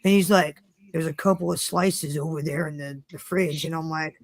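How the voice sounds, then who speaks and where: A woman's voice: deep voice, normal speed. Brash, foul-mouthed woman telling a story. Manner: animated, swears constantly, acts out her own quotes. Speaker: podcast host. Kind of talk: casual profane storytelling chat.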